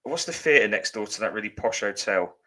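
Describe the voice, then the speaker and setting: Bright-voiced man telling rambling stories. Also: on the low side, animated, brisk. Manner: rambling anecdotes with many fillers. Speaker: podcast co-host. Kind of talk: casual chat. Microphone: podcast microphone.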